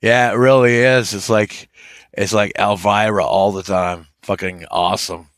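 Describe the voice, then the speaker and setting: A man's voice: lowish voice, fairly even intonation, measured pace, a bit bright, no echo, clean studio sound. A man co-hosting a live stream, good-humored and a bit defensive, often stammering and restarting his sentences. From Canada. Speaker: co-host. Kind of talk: casual live-stream chat.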